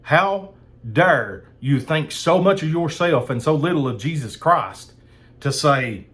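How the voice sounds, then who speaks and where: A man's voice: fairly high pitch, expressive, takes it slowly, fairly bright tone. A man preaching a sermon in a fired-up, emphatic way, repeating phrases for emphasis.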